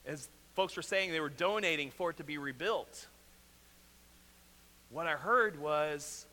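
A man with a Southwest Missouri accent preaching a sermon as pastor, earnest, often repeating a question and dropping to a quiet, pressing tone. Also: fairly high pitch, measured pace, long pauses. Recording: reverberant hall, faint hum.

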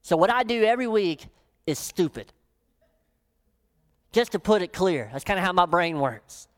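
A woman pastor preaching a sermon, emphatic, often dropping into soft, low phrases for weight. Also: animated, moderate pace.

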